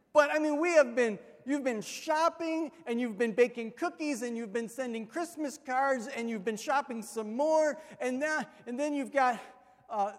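A man preaching a sermon, telling a funny story and acting out the voices in it. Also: extremely high pitch. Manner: animated, acts out voices in his stories. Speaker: pastor. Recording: long hall reverb.

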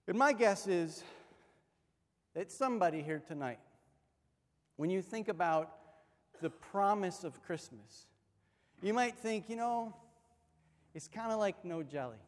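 A high-voiced male pastor gives a story-driven sermon. He acts out the people in his anecdote with animated delivery. The sound carries a long reverb from a large church hall. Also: measured pace, long pauses.

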